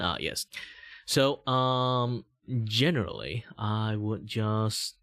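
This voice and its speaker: Malaysian guy in his 30s streaming, kinda low voice, dry mic, rambles a lot. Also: extremely slow, no echo. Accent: Malaysian English. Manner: rambling, many "like" fillers, jumps to a much higher voice when excited. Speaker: VTuber streamer. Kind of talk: casual livestream chat.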